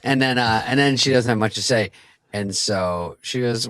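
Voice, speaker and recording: An older man co-hosting a podcast, telling comedic stories in a casual, animated way and acting out the people in them. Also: medium pitch, normal speed, smooth, no echo. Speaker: podcast co-host.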